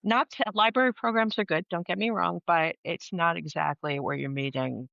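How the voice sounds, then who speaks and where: A woman co-hosting a podcast, chatty and animated, laughing easily. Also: on the low side, normal speed, vocal fry, no echo. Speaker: podcast co-host. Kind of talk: casual chat. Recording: dull, dry, slightly lo-fi.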